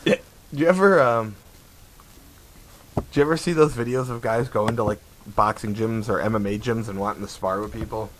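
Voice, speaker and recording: A man's voice: fairly low pitch, a little fast, pauses often, a little hiss or hum, poor audio. A man co-hosting a podcast, chatting casually and reading online reviews aloud in a laid-back way. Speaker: podcast co-host. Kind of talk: casual chat.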